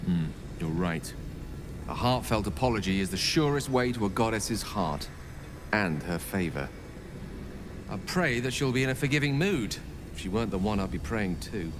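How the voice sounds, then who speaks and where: A man's voice: lowish voice, animated, moderate pace, background noise, close to an everyday voice. An actor playing a witty, self-mocking male wizard in a video game, talking in a wry, chatty way. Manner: wry, talkative, self-deprecating.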